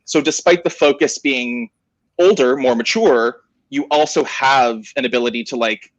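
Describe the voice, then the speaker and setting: A chatty man talks through a book over a video call, animated and full of "like"s. His voice sits at a middle pitch. The sound is dry and close, with no room around it. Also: normal speed, dry recording, rough recording. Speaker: book club panelist. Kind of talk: casual book discussion.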